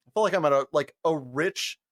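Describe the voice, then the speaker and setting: A man's voice: fairly high pitch, fairly quick. Foul-mouthed young man telling a story. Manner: profane, animated, laughing storyteller. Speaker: podcast co-host. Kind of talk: casual storytelling chat.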